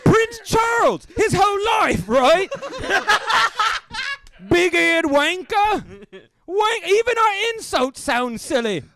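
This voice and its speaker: A squeaky Cockney worm. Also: male voice, big pitch swings, takes it slowly, gravelly, pauses often, crowd noise, exaggerated voice. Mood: brash mocking. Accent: put-on Cockney. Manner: crude, mocking, shouty stand-up delivery. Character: furry Cockney British worm hosting a sketch show. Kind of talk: improvised comedy impression.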